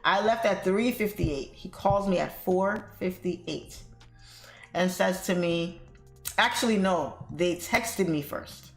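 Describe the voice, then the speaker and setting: A woman's voice: lowish voice, slow pace. A woman host chatting casually to her viewers, telling an exasperated story with salty language and calling them y'all. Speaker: trading livestream host. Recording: roomy echo with faint music.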